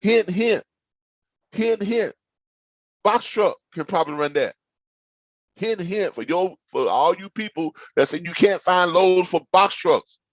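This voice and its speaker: A man, a logistics trainer walking viewers through a load board, animated and playfully dramatic with teasing asides. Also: high-pitched, measured pace, dry recording, low-quality recording. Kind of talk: screen-share tutorial talk.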